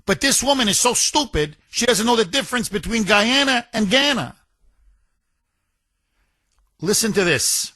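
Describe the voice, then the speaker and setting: High, bright-voiced indignant radio host. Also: male voice, expressive, a little slow, long pauses, no room sound. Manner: emphatic, indignant, repeats phrases and stumbles on words. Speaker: radio talk show host. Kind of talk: opinionated talk radio monologue.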